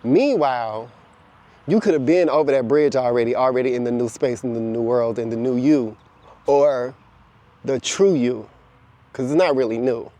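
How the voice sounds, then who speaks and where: A man giving a casual spiritual talk to the camera, telling animated stories and acting out quoted voices, with some casual swearing. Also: medium pitch, moderate pace. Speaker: spiritual content creator.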